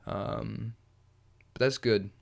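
A young man casually introducing a track he made, unhurried and self-mocking, groping for words. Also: on the low side, steady tone, creaky. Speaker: home musician introducing his track.

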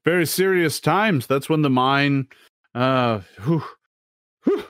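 A man voicing a fearful male former council spokesman who speaks hesitantly in a low, shuddering voice. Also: takes it slowly, a bit bright, smooth, no room sound, clean studio sound.

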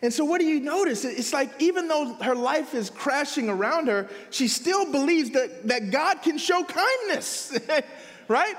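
A male pastor preaching a sermon in a conversational, animated way, full of rhetorical questions. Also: very high voice, measured pace, big-room sound. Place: church sanctuary.

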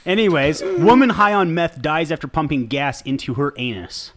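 A man hosting a comedy podcast, reading out headlines and telling them loudly and profanely, often breaking into laughter. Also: fairly high pitch, normal speed, a loud crowd. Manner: loud, laughing, profane storytelling. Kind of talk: crude comedy podcast banter.

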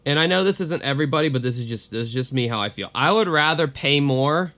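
A man's voice: mid-range voice, expressive, fast talker, bright, forceful tone. A man co-hosting a casual true-crime podcast, reading case notes and breaking off into profane, offhand asides. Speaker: podcast co-host.

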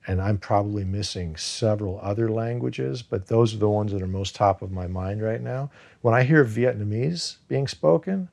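A man's voice: on the low side, normal speed, vocal fry, darkish tone. A man whose first language was Farsi, talking casually as an actor being interviewed, rambling with many restarts. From United States.

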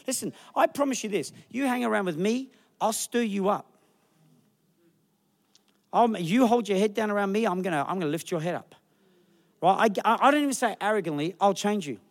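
Brief: energetic male pastor, quick delivery, slightly high voice. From Australia. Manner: animated, acts out people in the crowd with funny voices. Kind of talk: sermon.

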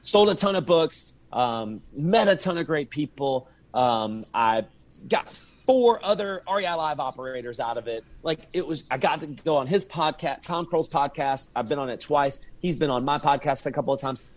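Speaking at a moderate pace in a higher voice, this podcast guest spins stories in relaxed conversation, performing his own text messages and private thoughts with lively energy.

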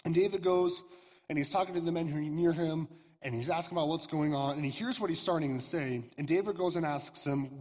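Young guy youth pastor telling a bible story to teens, kinda high voice, husky, lots of ums, big echoey hall. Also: darkish tone. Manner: casual, halting, with fillers and restarts. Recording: reverberant hall.

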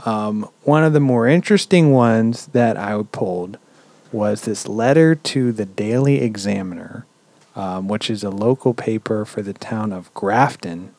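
A man's voice: fairly low pitch, measured pace, no echo. Swearing laid-back podcast guy, dry mic. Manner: relaxed, swears freely, many "um"s. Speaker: podcast host. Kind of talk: casual podcast storytelling.

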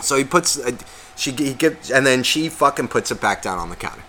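A man's voice: medium pitch, lively intonation, brisk, pushed and bright, a little hiss or hum. A man who is sick, telling a long profane, self-mocking story on a podcast and acting out what people said. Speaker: podcast co-host. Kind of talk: casual storytelling chat.

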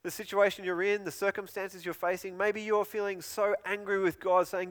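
A man's voice: high-pitched, level tone, normal speed, a bit bright, big-room sound. A man preaching a sermon in an earnest, pleading way, often repeating and restarting phrases.

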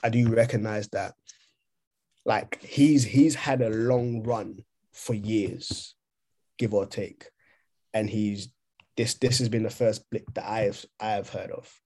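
A man co-hosting a podcast over a remote call, talking casually and haltingly, often repeating words as he thinks. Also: lowish voice, steady tone, mellow. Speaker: podcast co-host. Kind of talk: casual discussion.

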